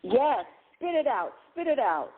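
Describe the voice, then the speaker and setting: Animated woman hosting call-in radio. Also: high voice, unhurried. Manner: lively, emphatic, repeats words. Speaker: radio host. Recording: tinny phone-line sound.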